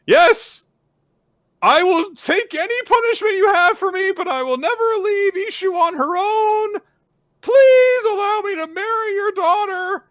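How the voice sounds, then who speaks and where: An earnest young manga hero, played by a man pleading at the top of his lungs. The voice jumps high above a normal speaking pitch and sounds strained and loud. It is recorded close and dry. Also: a little slow, dry recording. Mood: desperate pleading. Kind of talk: comic manga recap voice.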